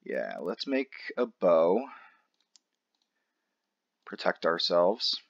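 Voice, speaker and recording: A man's voice: low voice, big pitch swings, extremely slow, vocal fry, dull audio. A man hosting a gaming channel, talking casually through his play with joking asides to himself. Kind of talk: casual let's-play commentary.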